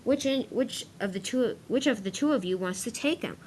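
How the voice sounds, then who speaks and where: A woman's voice: a little high, lively intonation, normal speed, darkish tone, slight background noise, voice pushed up, lightly acted. A woman voicing a vague, busy older male railway boss who hesitates and repeats himself. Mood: dithering.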